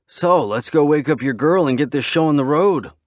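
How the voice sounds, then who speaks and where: Man voicing a cocky biker, crude, eager, a bit higher and louder, dry sound. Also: animated, moderate pace, no echo, natural voice. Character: brash excitable male biker sergeant-at-arms.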